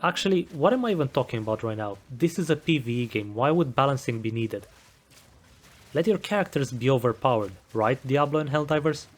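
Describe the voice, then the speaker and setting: Man, game review voice-over, dry self-mocking humor, medium pitch, soft music underneath. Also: expressive, a little fast. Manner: wry, self-deprecating humor. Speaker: gaming video creator.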